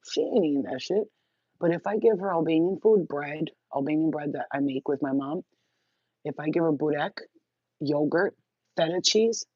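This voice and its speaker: A woman's voice: low-pitched, darkish tone, no echo, highs cut off. Crude, laughing woman vlogger. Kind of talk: casual rambling monologue.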